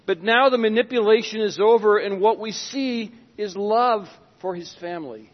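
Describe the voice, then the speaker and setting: A man preaching a sermon as pastor, dramatic, with sudden hushed drops and acted-out Bible scenes. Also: sits high, moderate pace, few pauses. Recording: dull sound with long hall reverb.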